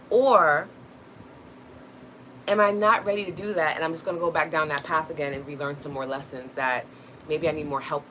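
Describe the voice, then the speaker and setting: A young woman with a low but bright, clear voice hosts a spiritual wellness livestream. She talks gently and reflectively and answers her viewers' comments as they come in. A faint hiss sits under her voice. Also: poor audio. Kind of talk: casual spiritual talk to a live audience.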